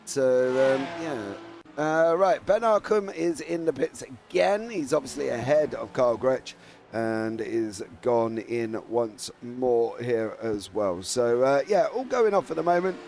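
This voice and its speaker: English man, gravelly, sim race commentator, teasing and excitable. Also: mid-range voice, takes it slowly, a little hiss or hum. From England. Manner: excitable, teasing, shouts at drivers.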